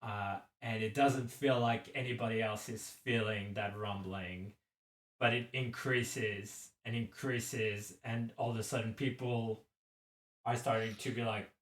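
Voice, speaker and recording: Slow, halting male game master. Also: lowish voice, fairly even intonation, a bit bright, distant mic. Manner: slow, halting narration with many restarts. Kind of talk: narrating a tabletop game. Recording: roomy echo, a bit off-mic.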